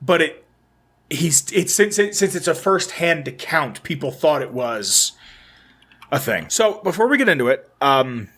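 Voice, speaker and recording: A man's voice: a little high, big pitch swings, a little slow, fairly bright tone. A young man co-hosting a podcast in casual chat, rambling and swearing loosely, often trailing off and restarting. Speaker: podcast co-host.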